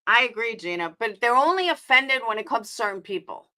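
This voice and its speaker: A woman from New York, with a New York accent, rants angrily on a live stream, heated and confrontational as she fires back at her chat with heavy profanity. Her voice is a little high and a little fast, with lively intonation and a bright, forceful tone.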